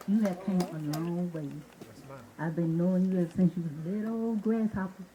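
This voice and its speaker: A woman's voice: lowish voice, fairly quick, noisy background. A woman giving a casual wedding toast, affectionate and calling the couple baby. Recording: speech over a chattering crowd. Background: crowd of guests.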